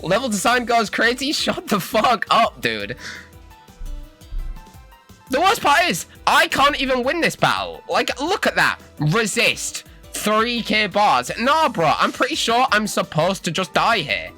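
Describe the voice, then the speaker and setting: A streamer giving live gameplay commentary, ranting loudly and swearing at the game. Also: mid-range voice, wildly swooping pitch, unhurried, faint music behind. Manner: loud, swearing, exasperated ranting.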